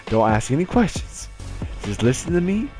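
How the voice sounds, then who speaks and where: A man's voice: mid-range voice, very animated, normal speed, mellow, faint music behind, close to an everyday voice. A man voicing a bossy teenage teammate who hands out orders curtly.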